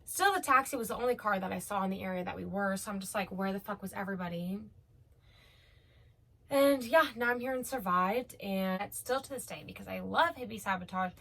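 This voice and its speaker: A woman's voice: medium pitch, lively intonation, quick pace, gravelly, hardly any pauses, fairly bright tone. A young woman from Omaha telling a storytime vlog in a chatty, profane way, with many fillers. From Omaha, United States. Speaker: vlogger.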